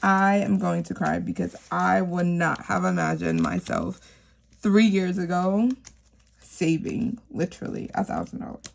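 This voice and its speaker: A woman's voice: lowish voice, lively intonation, unhurried, gravelly. A woman chatting casually to camera about her savings challenges, rambling with lots of fillers. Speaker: savings vlogger; teacher.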